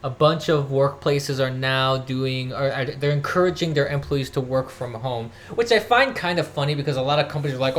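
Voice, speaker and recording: A podcast host with a mid-range voice talks fairly quickly with few pauses through a solo political commentary monologue. Moving around at home tidying, they rant, scoff, mockingly imitate others and cough now and then.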